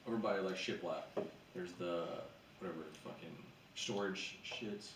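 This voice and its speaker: A man's voice: low-pitched, unhurried, a bit bright. A young man co-hosting a podcast, telling a rambling, profane story in casual chat. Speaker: podcast co-host. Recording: echoey room, mic far off, faint noise.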